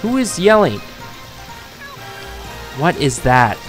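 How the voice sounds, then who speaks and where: A man giving excitable let's-play commentary, riffing as he explores a video game, with sudden jumps in pitch. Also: slow. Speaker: gaming YouTuber. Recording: game music behind.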